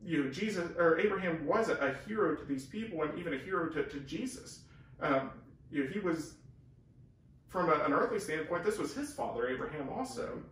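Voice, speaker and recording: A man with a fairly high, slightly bright voice talks expressively and fairly quickly as co-host of a conversational Bible teaching. He speaks earnestly and emphatically, often restarting his sentences. A camera mic picks him up from far off in an echoey room with faint hiss.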